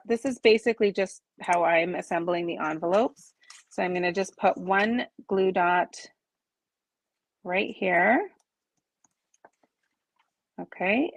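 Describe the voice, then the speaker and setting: A woman's voice: on the low side, dry recording. A woman in her forties hosting a live crafting stream at her home desk. She chats casually with viewers, explains each step and laughs often at herself. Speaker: crafting host.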